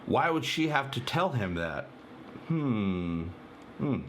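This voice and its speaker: A man hosting a casual fan video, talking excitedly and rambling with lots of fillers as he breaks down a trailer for viewers. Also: medium pitch, slow pace, background noise. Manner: excitable, rambling, many fillers, addresses viewers as "you guys". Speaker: channel host.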